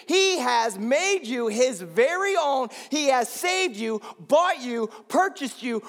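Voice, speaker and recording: Preaching man, lively sweeping pitch. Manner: preaching with sweeping rises and drops. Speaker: pastor. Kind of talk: sermon. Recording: long hall reverb.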